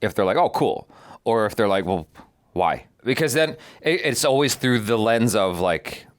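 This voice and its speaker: A man co-hosting a reaction channel, chatting casually in an animated way with many halting restarts. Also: mid-range voice, dry recording. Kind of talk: casual chat.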